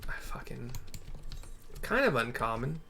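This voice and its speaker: A man chats loosely over his gameplay, muttering offhand asides and swearing often. His voice sits at an ordinary middle pitch, with a faint hiss of background noise under the recording. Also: big pitch swings, measured pace, gravelly. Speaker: gamer. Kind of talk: casual let's-play commentary.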